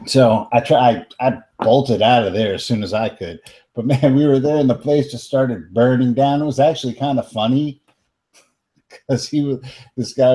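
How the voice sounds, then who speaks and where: This young player, with a New York accent and a medium-pitched, slightly mellow voice, speaks in character during a tabletop game. His talk is brash, streetwise, and laced with swearing.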